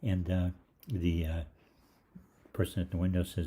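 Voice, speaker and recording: A man, middle-aged, telling a rambling funny story in casual talk, halting with fillers and restarts and acting out the other voices. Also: deep voice, dark tone, breathy edge. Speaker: online health show host.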